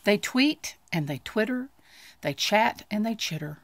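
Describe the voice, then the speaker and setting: A woman reading a children's storybook aloud, expressive and full of sound effects, on a close mic. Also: mid-range voice, measured pace. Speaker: storybook reader.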